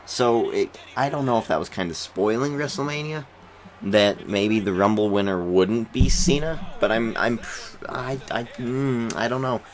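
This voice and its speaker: A man's voice: mid-range voice, a little slow, slight background noise. A man giving rambling, chatty commentary over footage of his wrestling game, self-deprecating as he talks. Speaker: wrestling game video creator. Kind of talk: casual commentary over gameplay.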